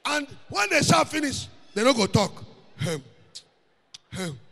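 Very high, gravelly Nigerian preacher. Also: male voice, very animated, moderate pace, in a large hall. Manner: mixes Pidgin, chants repeated words, swings to shouting. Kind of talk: sermon.

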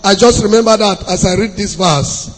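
A man with a Nigerian accent preaching a sermon, telling a story and rising to shouts as he goes. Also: sits high, moderate pace, breathy edge. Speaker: pastor. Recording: long hall reverb.

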